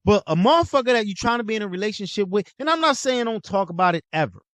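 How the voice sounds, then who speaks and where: A man's voice: sits high, expressive, fast talker, a bit bright, clean tone, dry recording, clean studio sound. A young adult man hosting his own show, lecturing in a blunt, profane, casual way. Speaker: host. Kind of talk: casual monologue.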